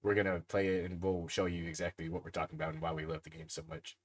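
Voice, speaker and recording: A man co-hosting a podcast, chatting in a relaxed way, asking questions and swearing casually. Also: low-pitched, fast talker. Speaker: podcast co-host.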